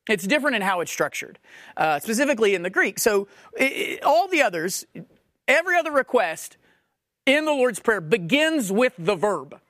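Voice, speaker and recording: A man's voice: sits high, big pitch swings, moderate pace, a bit bright, no room sound. Man, pastor, sermon, emphatic and questioning, repeats phrases, dry sound.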